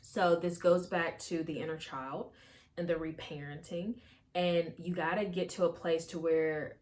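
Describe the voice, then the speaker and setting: A woman's voice: lowish voice, steady tone, measured pace, a little mellow. A woman giving a casual, rambling channeled tarot reading at home, with fillers and the odd swear word. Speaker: tarot reader. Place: home with washer running.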